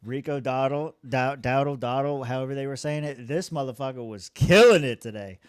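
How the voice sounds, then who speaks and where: A man's voice: medium pitch, a little fast, clean tone, no echo. A young man co-hosting a podcast, rambling casually about his fantasy football team, swearing freely and laughing often. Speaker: podcast co-host.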